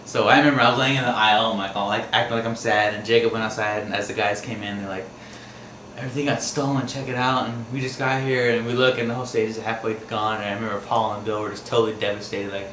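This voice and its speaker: This storyteller, a Wisconsin man, shares amusing and frightening personal tales in a loose, rambling way, laughing as he goes and performing the screams himself. He speaks fast with hardly any pauses, his fairly even voice on the low side with a slight brightness. Faint background noise and echo fill the room.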